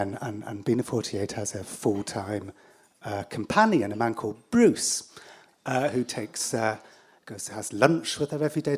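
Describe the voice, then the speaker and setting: An English man telling a true story on stage in a wry, self-deprecating way, halting with fillers and restarts. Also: mid-range voice, darkish tone, husky. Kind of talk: live storytelling.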